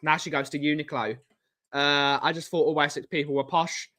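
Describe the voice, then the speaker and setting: A man's voice: on the high side, fairly even intonation, normal speed, bright, forceful tone. A young man hosting a live stream, rambling casually and answering viewers by name as he reads the chat aloud. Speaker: livestream host reading chat.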